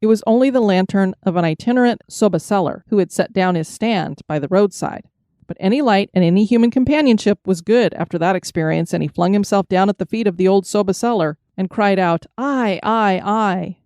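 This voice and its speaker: A woman podcast host reading ghost stories in a measured, steady narration. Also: mid-range voice, no echo, clean studio sound. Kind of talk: storytelling narration.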